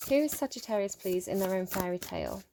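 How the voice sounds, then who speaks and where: A woman's voice: medium pitch, fast, noisy background. Woman tarot reader, casual chatty reading, rambling, lots of ums, at home. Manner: rambling, chatty, with frequent fillers and laughs.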